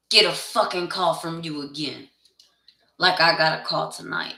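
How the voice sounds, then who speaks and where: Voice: mid-range voice, fairly even intonation, moderate pace, creaky, bright, forceful tone, far from the mic. A tarot reader in a blunt, profane, heated casual rant to camera. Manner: heated, insistent. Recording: echoey room, voice away from the mic.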